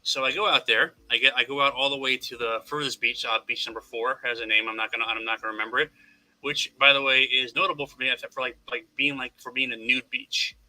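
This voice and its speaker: On a rough recording, a man in Florida tells a long story in casual podcast chat, his medium-pitched voice fast, bright, and forceful with fairly even intonation. He rambles and swears wryly, restarting his sentences again and again.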